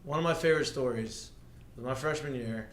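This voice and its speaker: A man's voice: mid-range voice, fairly quick, a bit bright. A man hosting a podcast, telling a story in a casual, rambling way full of fillers. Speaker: podcast host. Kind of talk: casual chat. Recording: echoey room with faint noise.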